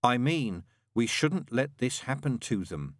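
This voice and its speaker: A man's voice: medium pitch, sing-song, unhurried, dry recording, clean studio sound. A man reading aloud and voicing a genteel male angel with a prim, polite manner. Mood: earnest.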